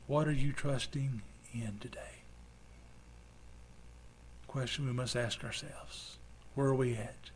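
Fervent preacher man. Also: medium pitch. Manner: fervent, swinging between loud outbursts and quiet asides. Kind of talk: sermon and closing prayer. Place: church with online stream.

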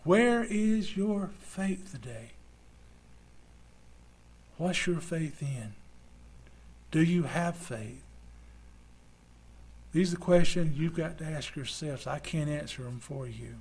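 A man with a drawl preaching a sermon and praying in church, fervent, swinging from loud outbursts to quiet asides. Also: on the high side, a little slow, pauses often, husky. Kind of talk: sermon and closing prayer. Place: church with online stream.

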